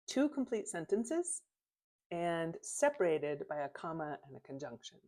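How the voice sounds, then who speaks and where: Woman, teacher, low voice, clear explanatory lesson, reads examples mark by mark. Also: very animated, unhurried, warm tone. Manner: clear, explanatory, spells out punctuation marks aloud. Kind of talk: lesson on punctuation.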